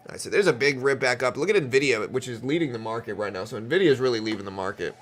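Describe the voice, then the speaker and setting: A man from South Louisiana with a light accent talks casually on a live trading stream. He chats easily with viewers between calling out market numbers. Soft music plays faintly behind his voice. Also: mid-range voice, animated, fast talker. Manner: chatty, answers viewer chat while calling market moves.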